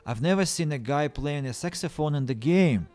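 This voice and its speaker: Halting man streaming a game. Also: fairly high pitch, expressive, a little mellow, soft background music. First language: Russian. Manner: halting, stammering restarts, playful self-mocking. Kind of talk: casual game-stream chat.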